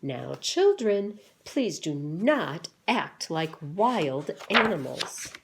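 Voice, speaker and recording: A woman's voice: low-pitched, very animated, extremely slow, creaky, background noise, heavily acted. A woman voicing prim, stiffly polite storybook animals in a formal, proper manner. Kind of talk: picture book read-aloud.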